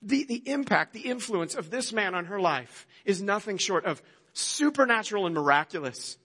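A man preaching a sermon, retelling a Bible story with animated storytelling and acted-out quotes. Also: moderate pace, husky. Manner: animated storytelling, acts out quotes with rising pitch. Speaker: pastor.

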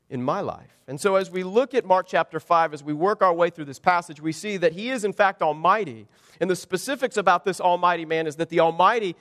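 A man's voice: sits high, a bit bright. A man, a pastor, preaching a sermon in a conversational, wry way, piling up rhetorical questions. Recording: long hall reverb.

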